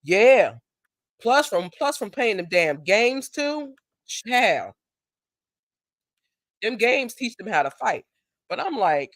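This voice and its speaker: A lively woman talks to her viewers on a live stream, her pitch swooping up and down as she tells stories. When she quotes other people, her voice jumps higher. The sound is dry and close, with no room echo. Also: takes it slowly, long pauses. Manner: animated storyteller who acts out quotes in a higher voice. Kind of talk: casual live-stream chat.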